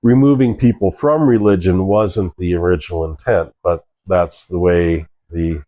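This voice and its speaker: A man's voice: low-pitched, fairly even intonation, normal speed, warm tone, no echo. A man in his forties, a guest in a casual interview, talking in a rambling, hesitant way. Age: 40s.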